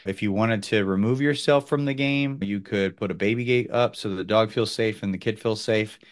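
Male dog trainer, thirties, low voice, animated instructional talk. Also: moderate pace. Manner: animated, bursts into loud quoted outbursts.

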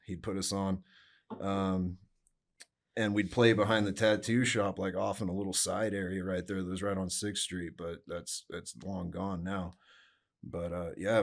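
Laid-back swearing man telling stories. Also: sits low. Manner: laid-back, rambling, swears freely, acts out quotes. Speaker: guest musician. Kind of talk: casual storytelling.

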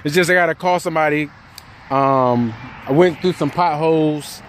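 A man's voice: on the high side, moderate pace, a little hiss or hum. A man who drives a truck, talking casually and jokingly into his phone outdoors, rambling. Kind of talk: casual vlog monologue. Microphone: phone held by hand.

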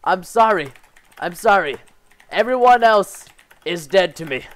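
A man giving excited gameplay commentary as a gaming YouTuber, excitable, jumping between hushed asides and loud yelps. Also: high voice, a little slow.

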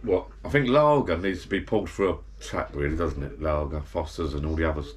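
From his garden bar out back, a vlogger with a rumbling low voice talks a little fast through rambling pub anecdotes. He's chatty and blokey, wandering off track and correcting himself along the way.

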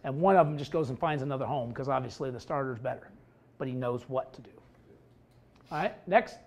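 A man's voice: mid-range voice, fairly quick. A man coaching football, talking bluntly and with humor while he explains a defensive scheme. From Idaho, USA. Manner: blunt, joking, animated storytelling. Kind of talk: coaching clinic talk.

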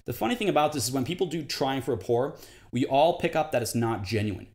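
A man's voice: lively intonation, fast talker, darkish tone. A man lecturing casually on confidence, talking conversationally and sometimes imitating other people's tones. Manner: conversational, demonstrates tones by mimicking high-pitched greetings.

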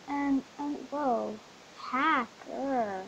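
A woman hosting a casual gameplay commentary, chatty and excitable, full of exclamations. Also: high-pitched, drawn-out words, vocal fry. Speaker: host. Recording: dull lo-fi mic with faint hiss.

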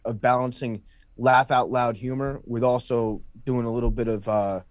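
A man's voice: medium pitch, steady tone, moderate pace, no echo, dull audio. A man, a podcast guest, talking casually and explaining his opinions at length.

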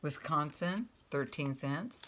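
Low, slow-talking woman in her fifties. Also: lively intonation, slight background noise. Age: 50s. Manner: gushing, exclaiming over each item; reads items aloud, thinking out loud. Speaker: craft vlogger opening fan mail. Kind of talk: casual chat to camera.

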